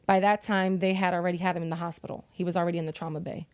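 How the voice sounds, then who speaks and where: Racing through her words in a lowish, level, clear, resonant voice, a young mother tells a podcast about losing her son. She is blunt and swears a lot in this emotional personal story, recorded dry.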